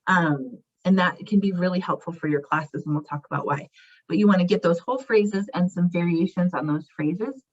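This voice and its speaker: A woman with a somewhat husky voice presents a talk on language teaching. She explains in a relaxed, conversational way and slips into short acted example phrases. The recording is muffled and lo-fi. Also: on the low side, moderate pace.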